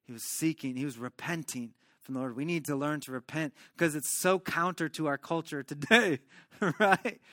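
A man preaching a sermon in a conversational style, often tagging his points with questions and swinging between loud and soft. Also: fairly high pitch, normal speed, no room sound, clean studio sound. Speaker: pastor.

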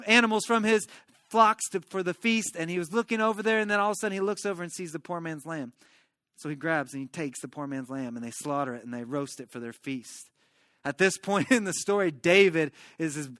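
A man preaching a sermon as a pastor, telling a story in an animated way and tossing in "right?" asides. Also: on the high side, no room sound, studio quality.

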